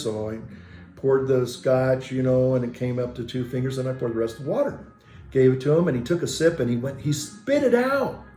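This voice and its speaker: A man's voice: mid-range voice, warm tone, echoey room. A man who is a Catholic priest, telling a story casually in a rambling way, with restarts and self-corrections.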